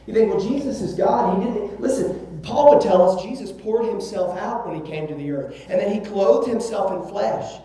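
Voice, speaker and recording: A man's voice: high-pitched, moderate pace, few pauses, dark tone. A man with a Southern US accent preaching a sermon as pastor, emphatic, repeating words and asking "right?" of his listeners. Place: church sanctuary. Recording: very echoey room, voice from a distance.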